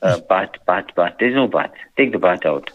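A man with a very low voice gives religious counsel in a slow, earnest, preacherly way, now and then reciting verses in Arabic. The recording is a little dull and lo-fi. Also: lively intonation. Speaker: Islamic teacher. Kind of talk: religious advice in conversation.

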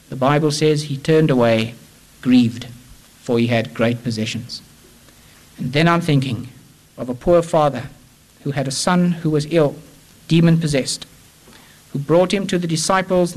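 A man delivering an evangelistic sermon. His voice sits a little higher than most men's. He presses his points with rising, impassioned emphasis and then drops low and quiet. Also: low-quality recording. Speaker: preacher.

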